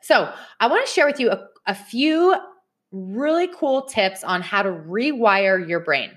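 A woman in casual chat, speaking directly to her listeners as a podcast host. She talks at a mid pitch, rambles a little, and laughs often as she tells stories. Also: expressive, unhurried, fairly bright tone. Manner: chatty, laughs often while telling stories.

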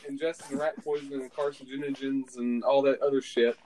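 A man's voice: medium pitch, little pitch movement, normal speed, warm tone, low-quality recording. A man co-hosting a podcast in a laid-back, chatty way, laughing easily. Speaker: podcast co-host. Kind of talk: casual podcast chat.

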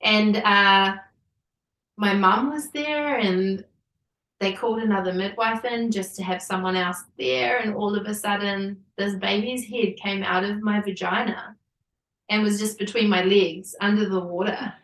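A woman in her thirties recounts a personal story with animated energy, laughing and saying "like" often. She sits a little back from the microphone. The room around her rings. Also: mid-range voice, measured pace, echoey room, recorded from a distance, low-quality recording. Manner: animated, laughing, many likes. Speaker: podcast guest.

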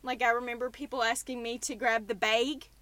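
A woman's voice: a little high, level tone, quick pace, pushed and bright, no echo. Chatty Southern woman with a dry close sound. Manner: chatty, laughing storyteller. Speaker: podcast host. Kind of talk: casual podcast chat.

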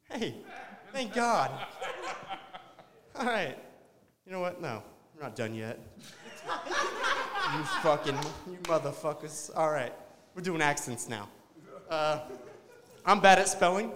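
A man's voice: on the high side, lively intonation, a little slow, pauses often. A man doing a crude, rambling stand-up set after a few drinks, talking to the crowd and laughing at his own jokes. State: tipsy. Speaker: stand-up comedian. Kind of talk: open-mic stand-up set. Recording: long hall reverb.

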